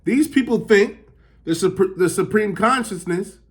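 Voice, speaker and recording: A man with a fairly high voice reads scripture and then retells it in loose, slangy talk. His delivery is casual and conversational, like a teacher talking a listener through the verses. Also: lively intonation, unhurried. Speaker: Bible teacher.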